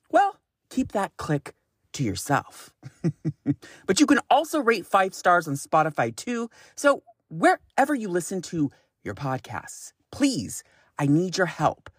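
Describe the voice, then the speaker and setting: Animated, profane man hosting a podcast. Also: high-pitched, dry recording, clean studio sound. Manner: animated, profane and exasperated, laughing often. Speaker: podcast host. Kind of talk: solo podcast monologue.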